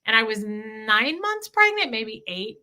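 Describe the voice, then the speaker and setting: A woman's voice: fairly high pitch, sing-song, a little slow, bright, forceful tone. A woman hosting a livestream, talking candidly and emotionally about her past, swearing freely. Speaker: livestream host.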